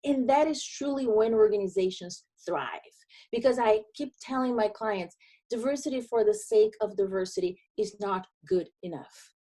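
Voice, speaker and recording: A woman from Brazil with a Brazilian accent, a consultant giving an earnest presentation talk with emphatic pauses between phrases. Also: on the high side, mellow. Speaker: diversity and inclusion consultant.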